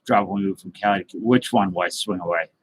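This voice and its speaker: A man's voice: sits low, moderate pace, slight background noise, poor audio. A man hosting a casual live stream, rambling loosely and greeting viewers by name as he reads their comments. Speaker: livestream host.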